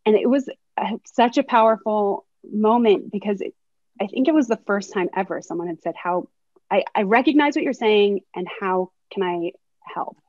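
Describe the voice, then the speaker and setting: On a slightly dull, lo-fi video call, a woman in her thirties speaks at a normal speed with a medium-pitched, somewhat mellow voice and no echo. She's a sports agent appearing as a webinar guest, reflectively sharing candid anecdotes in a storytelling conversation.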